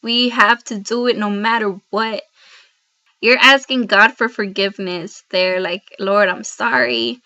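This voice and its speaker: A mid-range, sharp-toned voice belongs to a Christian vlogger who speaks at a measured pace with fairly even intonation. She addresses viewers directly in a heartfelt, rambling devotional vlog, recorded through a laptop's built-in mic with dull lo-fi quality.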